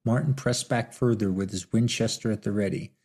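A man giving steady audiobook narration of a Western novel. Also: lowish voice, a little fast. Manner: steady, storytelling.

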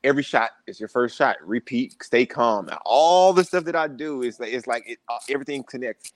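A young man tells stories as a podcast guest, jumping into the voices of the people he quotes. His pitch sits mid-range, and he is recorded close and dry, with no room sound. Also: brisk, no echo. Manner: animated storyteller, acts out quoted voices. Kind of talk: storytelling in casual interview.

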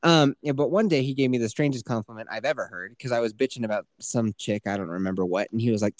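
Male podcast host, mid-pitched, animated crude joker, dry studio sound. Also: quick pace, hardly any pauses, no room sound. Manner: crude joking, self-mocking. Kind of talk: casual podcast chat.

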